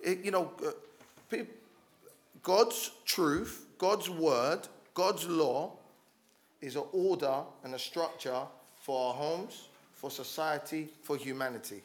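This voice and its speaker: A man preaching a sermon, passionate and urging, who often restarts his words and swells to loud calls to his congregation. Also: on the high side, slow. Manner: passionate, rising to loud exhortation with frequent restarts.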